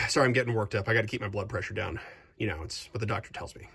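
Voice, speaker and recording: A young man casually reviewing his kitchen knives at home, animated and jokey, gushing over favorites and ranting about one he hates. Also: mid-range voice, fast, slightly rough. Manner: enthusiastic, animated, jokey asides. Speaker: vlog host.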